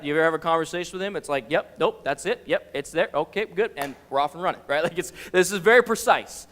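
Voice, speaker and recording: Chatty high-voiced man preaching. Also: long reverb tail. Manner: chatty, animated, full of filler words. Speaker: youth ministry director preaching. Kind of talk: casual conversational sermon. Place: church sanctuary.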